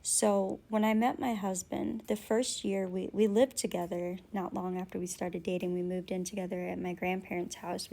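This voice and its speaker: Young woman vlogging her story, mellow warm voice, candid and a bit halting. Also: medium pitch, creaky. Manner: candid, confessional, with frequent ums and restarts. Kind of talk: personal storytelling to camera.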